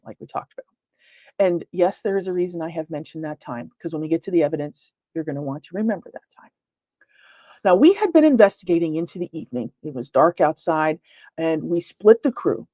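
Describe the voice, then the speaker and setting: A woman gives a lecture on a paranormal investigation in a somewhat low voice. She talks loosely, with fillers and restarts, as if chatting with the audience. The sound is dry and close. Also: warm tone, dry recording. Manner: conversational, with frequent fillers and restarts. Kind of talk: presentation lecture.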